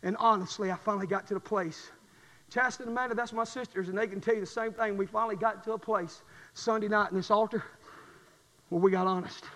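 A middle-aged man preaching a sermon, swinging from quiet testimony to shouted fervor. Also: high-pitched, fairly even intonation, fast talker, long reverb tail.

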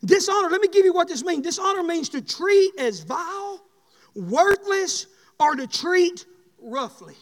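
Fervent high-voiced preacher in a hall. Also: male voice, expressive, unhurried. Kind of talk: sermon. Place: church. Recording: long reverb in a church hall.

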